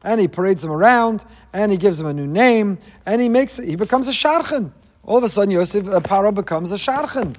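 High-voiced man teaching with wry jokes. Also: animated, fairly quick, big-room sound. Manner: wry asides, joking. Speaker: Torah teacher. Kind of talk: weekly Torah class.

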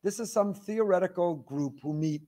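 A man teaching a Torah class, reading listener emails aloud in an animated storytelling way with wry asides. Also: high voice, moderate pace.

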